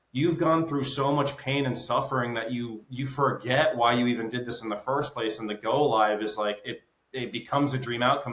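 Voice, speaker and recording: A man's voice: medium pitch, fairly bright tone. Guy consultant telling client stories on a podcast, keeps saying right?, echoey room sound. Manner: explains with stories, frequent "right?" check-ins. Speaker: guest, business consultant. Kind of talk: conversational interview. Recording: roomy echo.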